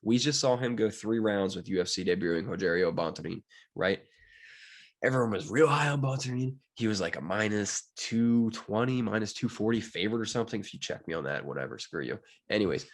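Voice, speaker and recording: A young man from Pennsylvania chatting casually and jokingly about fight betting picks, with big swings in his delivery. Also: fairly quick. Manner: animated, jokey, wide swings in pitch. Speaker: sports betting commentator. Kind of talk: casual solo betting talk.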